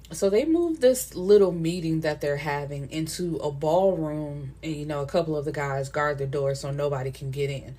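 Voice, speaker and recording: Low-voiced woman chatting through a book recap. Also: a little mellow. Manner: chatty retelling with frequent fillers and quoted dialogue. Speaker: book reviewer.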